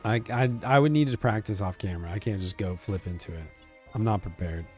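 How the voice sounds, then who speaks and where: A man's voice: lowish voice, brisk, darkish tone. Male streamer, casual and chatty, talking to chat over faint game music. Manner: chatty, answers chat, hesitant restarts.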